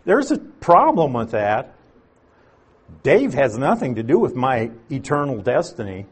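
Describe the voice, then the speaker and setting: Slow, husky-voiced male Bible teacher. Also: medium pitch, big pitch swings. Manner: patient, explanatory, leans on key words. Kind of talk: expository sermon.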